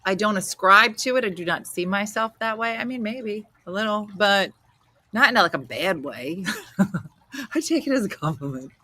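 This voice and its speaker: A woman in her fifties with a New Jersey accent, hosting a casual chat show and telling stories in a loud, animated way. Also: medium pitch, moderate pace, dry recording. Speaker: host.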